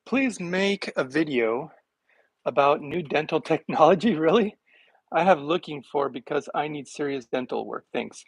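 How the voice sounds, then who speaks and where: A man hosting a health livestream, chatting casually and rambling with sarcastic asides while making a smoothie in his kitchen, recorded on a phone. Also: on the high side, lively intonation, measured pace, long pauses, dry recording.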